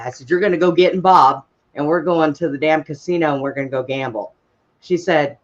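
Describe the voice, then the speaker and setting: A man's voice: a little high, moderate pace, lo-fi sound. A man telling casual personal stories at an open mic, blunt and folksy, with casual swearing.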